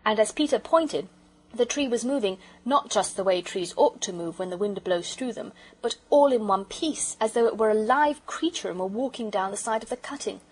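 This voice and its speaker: A woman reads a children's audiobook aloud, gentle and measured in her telling. Her voice is husky and breathy, sitting at an ordinary middle pitch. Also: animated, rough recording. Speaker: audiobook narrator.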